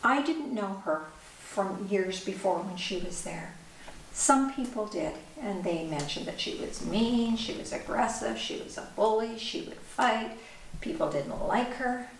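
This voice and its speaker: A middle-aged woman, an author, telling a personal story in an earnest, measured way with pauses. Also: medium pitch, expressive. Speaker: author and speaker. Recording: echoey room, distant mic, faint hiss.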